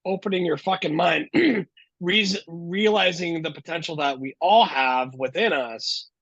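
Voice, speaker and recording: A man's voice: fairly high pitch, unhurried, gravelly, fairly bright tone, slightly rough, dry recording, highs cut off. A man hosting a podcast, reacting emphatically and cursing freely in casual chat. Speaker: podcast host.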